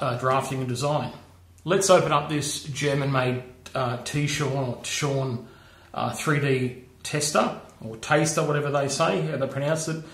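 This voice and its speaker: A man talks through his machining tools in a loose, chatty way, often pausing to check in with the listener. His voice sits at a middle pitch. The recording carries the echo of a workshop room. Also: fairly bright tone. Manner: chatty, checks in with okay and all right. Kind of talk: casual workshop demonstration. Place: home workshop.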